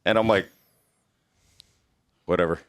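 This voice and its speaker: A man's voice: sits low, fairly even intonation, a little slow. A man telling a story as a podcast guest, rambling and full of swearing. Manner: profane, rambling, heavy on filler like. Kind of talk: casual storytelling.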